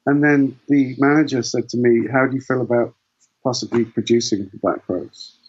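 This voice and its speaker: A man's voice: mid-range voice, steady tone, normal speed, husky, dull audio. A man, a guitarist guest in an interview, telling long rambling anecdotes with many restarts. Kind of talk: casual storytelling interview.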